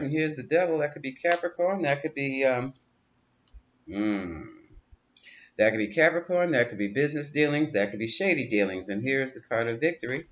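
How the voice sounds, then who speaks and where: Here a man with a mid-range voice does a tarot reading, chatty and coach-like, reassuring, given to repeating words and breaking into laughter. A little hiss or hum sits under the dull lo-fi recording, which has faint room ambience.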